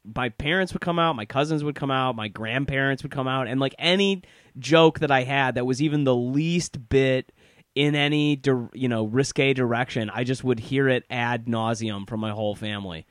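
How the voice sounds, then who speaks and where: A man hosting a podcast in casual, animated chat, laughing often and talking in quick bursts. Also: medium pitch, no echo, clean studio sound. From Detroit area. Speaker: podcast host.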